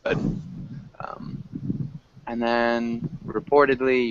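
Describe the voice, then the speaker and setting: A man's voice: mid-range voice, expressive, a little slow, long pauses, a bit bright, dry recording, dull audio. A man teaching an English class online, patiently correcting pronunciation with frequent ums.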